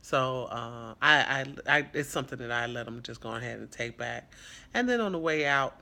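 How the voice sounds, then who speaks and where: A man talks casually to camera about life as a foster parent. His voice is bright and forward at a middling pitch. He comes across as earnest and reflective, with a loose, rambling flow. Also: lively intonation, normal speed, vocal fry. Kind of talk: casual vlog talk.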